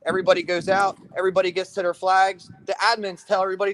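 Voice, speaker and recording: A man casually telling a paintball story on a podcast, animated and profane, asking "right?" again and again and acting out other people's lines. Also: high voice. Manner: acts out other people's lines in quick bursts. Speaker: paintball team commander.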